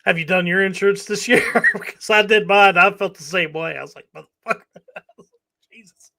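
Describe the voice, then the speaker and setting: A man's voice: sits high, normal speed, gravelly, pushed and bright. A man hosting a casual chat, laughing often and hesitating with fillers as he explains.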